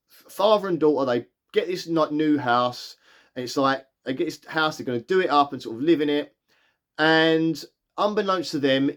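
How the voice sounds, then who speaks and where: Guy rambling excitedly about a movie, kinda high voice, lots of restarts and ums. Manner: enthusiastic, rambling with many restarts and fillers. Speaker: movie reviewer. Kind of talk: casual spoken film review.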